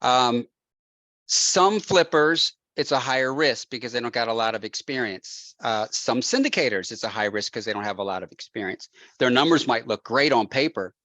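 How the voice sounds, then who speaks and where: A man, a real estate investor as guest, telling an animated anecdote with frequent laughs and acted-out quotes. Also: mid-range voice, normal speed, no echo. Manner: laughs often, acts out quotes.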